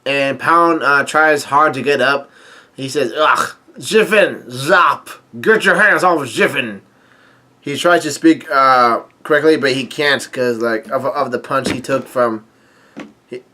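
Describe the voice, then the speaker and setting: A man's voice: mid-range voice, steady tone, a little slow, pushed and bright. A man casually reading through a manga chapter, hesitant and full of fillers and restarts. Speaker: manga reader and commentator.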